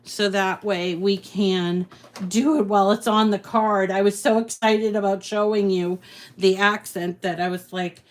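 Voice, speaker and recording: A woman's voice: mid-range voice, a little hiss or hum. A middle-aged woman hosting a casual crafting tutorial, chatty and rambling, often laughing at herself as she works. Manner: chatty, rambling, self-deprecating. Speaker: craft channel host.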